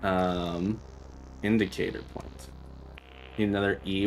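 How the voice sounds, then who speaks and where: Lively low-voiced man thinking aloud. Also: normal speed, slight background noise, rough recording. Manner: thinks aloud, sounding out Morse code beeps. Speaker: livestream host playing a viewer's game. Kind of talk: casual livestream chat while playing.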